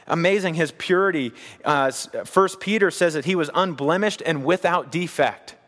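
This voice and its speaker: A man's voice: fairly high pitch, moderate pace, fairly bright tone. A man preaching a sermon in a church hall, earnest and repeating key lines for emphasis. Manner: earnest, building to emphatic repetition. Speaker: pastor. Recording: long hall reverb.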